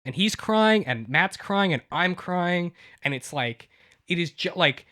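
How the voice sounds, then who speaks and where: A man's voice: high-pitched, expressive, a little slow, pushed and bright. A male podcast co-host and novelist in casual chat, talking emotionally in long rambling runs full of restarts.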